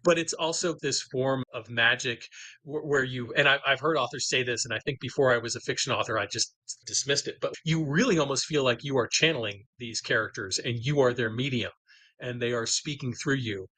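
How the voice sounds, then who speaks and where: Bright-voiced, eager middle-aged man. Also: mid-range voice, brisk, no room sound, poor audio. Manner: enthusiastic, animated storyteller. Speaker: novelist and guest. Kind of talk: casual interview talk.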